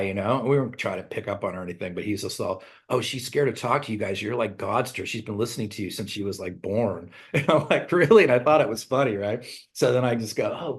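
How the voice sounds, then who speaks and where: A middle-aged man, a rock singer, telling rambling stories in a casual interview, acting out quotes in raised voices and swearing freely. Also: fairly low pitch. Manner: animated storyteller, acts out quotes in raised voices, laughs often. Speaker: songwriter and band singer, interview guest.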